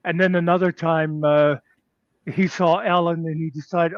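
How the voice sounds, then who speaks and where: A man's voice: on the high side, steady tone, normal speed, dry recording. A man co-hosting a casual chat, rambling with fillers and chuckling often. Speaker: podcast co-host. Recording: slightly muffled dry audio.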